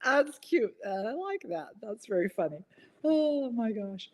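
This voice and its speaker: A woman's voice: on the high side, big pitch swings, measured pace. A woman hosting a casual live chat, reading viewer comments aloud and giggling at her own corny jokes. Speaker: host of a live online chat.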